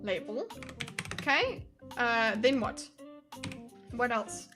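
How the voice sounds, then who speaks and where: A woman's voice: a little high, expressive, slow, music in the background. A woman streamer giving casual live commentary in a blunt, exasperated, sarcastic way.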